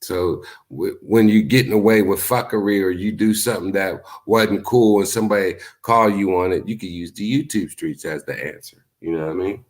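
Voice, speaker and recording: A man's voice: moderate pace, hardly any pauses. Laid-back man chatting on a livestream. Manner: animated storytelling, acts out quotes in high voices. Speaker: YouTube streamer. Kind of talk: casual live-stream commentary.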